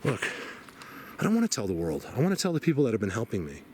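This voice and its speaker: Out-of-breath man vlogging on a forest trail, excitable and rambling, occasional hushed whispers, noisy camera mic. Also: medium pitch, quick pace. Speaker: outdoor vlogger searching for Bigfoot. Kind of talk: casual walking vlog to camera. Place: forest outdoors.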